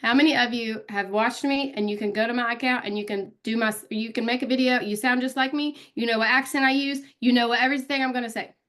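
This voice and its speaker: A woman's voice: fairly high pitch, fairly even intonation, fast, few pauses, a bit bright. A woman giving a casual live online training on social media, talking directly to viewers and calling them out by name. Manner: chatty, calls out viewers by name.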